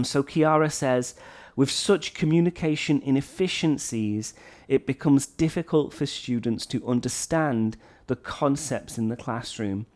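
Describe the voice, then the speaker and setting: Earnest man from North Wales, mid-pitched. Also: darkish tone. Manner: earnest, repeats key points for emphasis. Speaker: teacher. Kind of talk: educational talk reading and commenting on a blog post.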